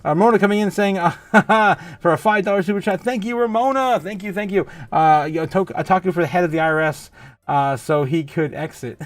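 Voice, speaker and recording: A man's voice: high voice, brisk, no echo. A man hosting a casual livestream, reading viewer comments aloud and laughing often, close to a desk mic. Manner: giggly, laughs often, reads chat aloud. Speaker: livestream host.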